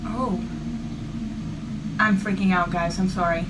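A woman's voice: on the low side, steady tone, measured pace. A young woman giving nervous, casual reaction commentary to her viewers while playing, swearing as she gets spooked. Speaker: gaming vlogger. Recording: distant from the mic, with clear background noise.

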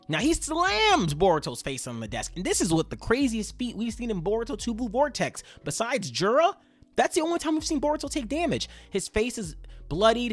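A man giving a casual, slangy recap of a manga chapter, talking straight to his viewers. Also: sits high. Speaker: anime and manga commentator.

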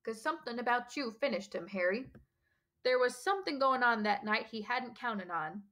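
Hagrid, a woman doing a gruff, folksy giant gamekeeper. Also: a little high, lively intonation, moderate pace, bright, forceful tone. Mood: earnest. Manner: folksy rough country dialect. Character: huge bearded male gamekeeper, gruff but kindly.

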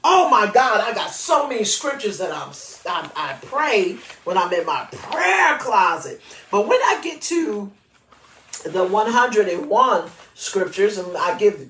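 Woman pastor, emphatic sermon, laughs often, mid-pitched voice, roomy church echo. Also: expressive, unhurried, a bit bright, slight background noise. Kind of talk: sermon and prayer.

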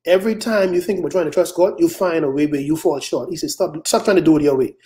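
Preaching with emphasis, this pastor has a fairly high-pitched voice. He breaks into rapid acted-out prayers and throws out pointed challenges that climb sharply upward.

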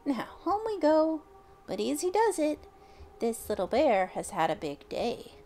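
A shrill, cackling old witch from a storybook, her screechy voice leaping high and carrying loud. A woman acts her out. She sounds crafty and pleased with herself, with a gravelly edge. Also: sing-song, measured pace, soft background music, heavily acted.

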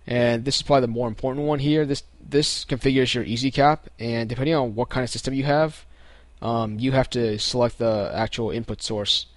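A man's voice: mid-range voice, fairly quick, hardly any pauses, no room sound. A young man talking casually through a step-by-step computer tutorial, with lots of ums and restarts. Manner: relaxed, many ums and restarts. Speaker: tutorial host. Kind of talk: casual screen-recorded tutorial.

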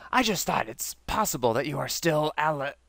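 A man voicing a ruthless male mad scientist in a game story, with a raspy, put-on voice and grand, formal speech. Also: fairly high pitch, expressive, a little fast, a bit bright, no room sound. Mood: scheming. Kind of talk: reading a game's story aloud in a put-on voice.

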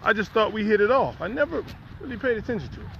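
A man's voice: high voice, fast talker, gravelly, highs cut off. A man telling a personal story while walking outdoors, acting out what people said. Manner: animated storyteller, acts out quotes. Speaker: poet and vlogger. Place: outdoors on a windy walk. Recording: faint wind and outdoor noise.

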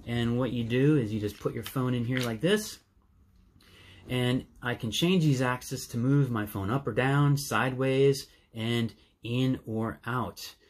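A man's voice: mid-range voice, a little slow. A man hosting his own channel, explaining his gear in a casual, eager way with some fillers and restarts. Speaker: channel host.

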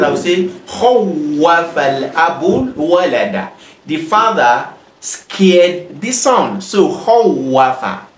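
A man with a somewhat high voice teaches a grammar lesson as a tutor. He reads example sentences briskly and then translates them slowly, recorded in an echoey room. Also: a little hiss or hum. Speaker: Arabic teacher. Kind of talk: explaining an Arabic grammar exercise in English.

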